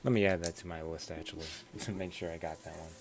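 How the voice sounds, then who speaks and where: A man's voice: low voice, fairly even intonation, fast, vocal fry, background noise. A man streaming live in casual chat, playful, laughing often and tripping over his own words.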